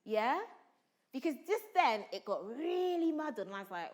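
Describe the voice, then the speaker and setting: In a school hall or conference room, a woman leads a drama workshop for students in a high, very animated voice at normal speed. Her coaching is energetic, coaxing the group with constant questions and urging them to be bold.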